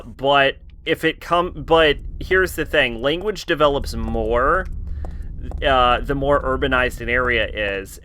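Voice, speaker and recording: A man streams a horror game and gives rambling, joking commentary full of swearing. His voice is bright and a bit forceful, at an ordinary middle pitch. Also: slight background noise. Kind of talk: casual gameplay commentary.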